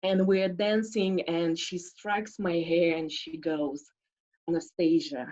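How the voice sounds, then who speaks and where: A woman's voice: fairly low pitch, takes it slowly, darkish tone, lo-fi sound. A woman telling a personal story live, chatty and full of "like", acting out the people she quotes.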